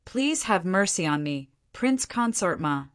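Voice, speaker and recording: Woman narrator voicing a scared young servant girl begging in an audiobook, low voice. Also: sing-song, measured pace. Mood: pleading. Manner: pleading. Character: terrified young female palace maid.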